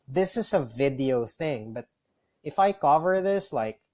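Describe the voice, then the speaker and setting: A man's voice: fairly high pitch, expressive, a little slow, darkish tone. Rambling man giving coaching tips. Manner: rambling, many fillers and restarts; coaching, gives direct advice. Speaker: call center trainer. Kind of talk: casual instructional talk.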